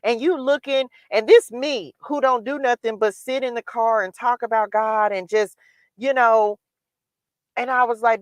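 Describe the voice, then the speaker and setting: A woman's voice: fairly high pitch, fairly even intonation, unhurried, no echo. A woman hosting a livestream, giving a candid spiritual motivational talk about her own faith, told in a repetitive, testifying way. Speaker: livestream host. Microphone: livestream microphone.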